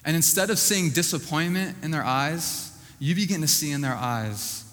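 A man preaching a sermon, emphatic and repetitive, often dropping to a hushed voice at the ends of lines. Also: on the high side, normal speed, in a large hall.

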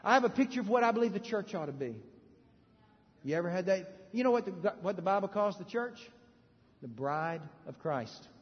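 A man preaching a sermon, animated and joking with the audience, swinging between loud bursts and hushed moments. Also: high-pitched, moderate pace. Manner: joking, conversational asides to the audience. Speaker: pastor. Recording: reverberant hall, dull lo-fi sound.

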